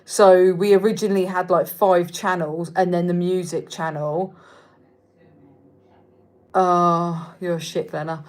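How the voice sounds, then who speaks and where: A woman in her thirties from Reading in England, with a southern English accent, chatting frankly on a livestream, reading out viewer comments and swearing freely. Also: fairly low pitch. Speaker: livestream host.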